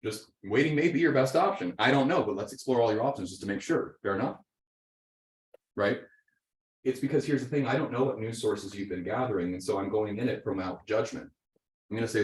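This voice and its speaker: Animated male seminar trainer in an echoey room. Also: on the low side, fairly quick. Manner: animated, keeps checking in with "right?", acts out sample dialogues. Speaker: real estate trainer. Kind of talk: live seminar teaching. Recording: roomy echo.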